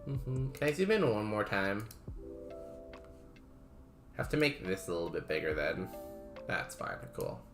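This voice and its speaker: Slow, musing male streamer. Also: on the low side, big pitch swings, music in the background. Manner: musing aloud, unhurried, wry. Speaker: game streamer. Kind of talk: casual livestream chat.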